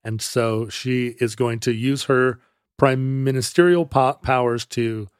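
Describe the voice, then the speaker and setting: A man co-hosting a podcast, telling a history story in a casual, halting way with frequent restarts. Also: medium pitch, fairly even intonation, clear, resonant tone, dry recording, clean studio sound. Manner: halting, many restarts and fillers, wry. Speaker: podcast co-host.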